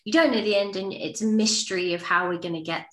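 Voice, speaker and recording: An author, a woman, speaks as a guest in a relaxed, thoughtful way. Her voice sits in a middle range. The room gives it a noticeable echo. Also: mid-range voice, fast. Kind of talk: interview.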